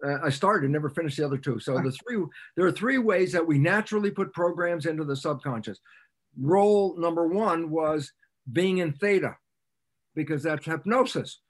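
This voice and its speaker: Animated man explaining to a podcast host. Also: fairly high pitch, normal speed. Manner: animated storyteller who acts out quoted exchanges; repeats phrases for emphasis. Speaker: podcast guest, cell biologist. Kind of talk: explanatory interview talk.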